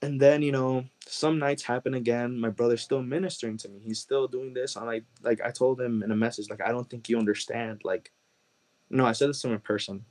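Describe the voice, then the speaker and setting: A man from Chicago telling his conversion testimony as a guest, earnest and halting, with many "like" and "you know" fillers. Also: mid-range voice, fairly even intonation, a little mellow, low-quality recording. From Chicago, USA. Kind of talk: personal testimony storytelling.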